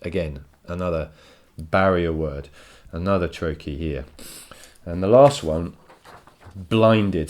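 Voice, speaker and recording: A man with a very low voice talks through a poem for his students. He explains with enthusiasm and repeats words as he works out each point. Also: darkish tone. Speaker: teacher. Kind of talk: recorded poetry lesson. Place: home.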